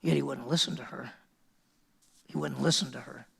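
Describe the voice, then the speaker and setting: A man's voice: medium pitch, steady tone, moderate pace, gravelly, fairly bright tone. A male senior pastor preaching a sermon, emphatic and full of rhetorical questions to the congregation.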